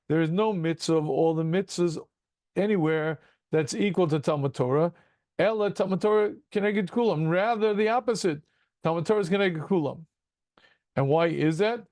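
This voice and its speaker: A man teaching a Talmud class to students over a video call, asking rhetorical questions and breaking into quick chuckles. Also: on the high side, dry recording, studio quality. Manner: animated, rhetorical questions, addresses students as gentlemen; self-deprecating chuckles, quick asides.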